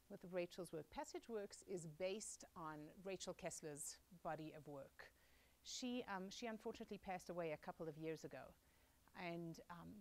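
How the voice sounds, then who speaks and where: A woman's voice: lowish voice, poor audio. Teacher and guest speaker, woman, 40s, mixed South African accent, chatty, lots of ums. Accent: mixed South African, Australian and American. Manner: warm, chatty, many ums. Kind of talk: public talk to an audience.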